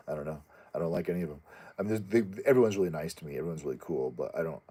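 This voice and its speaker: A man hosting his own channel, answering viewer questions in a rambling, halting casual chat full of restarts. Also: warm tone, breathy edge. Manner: acts out pet voices in a high squeaky tone.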